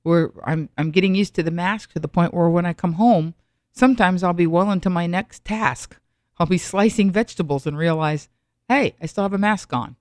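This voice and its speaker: A woman's voice: on the low side, normal speed, a little mellow, dry recording, clean studio sound. A middle-aged woman giving a reflective solo monologue, rambling with frequent restarts and asides.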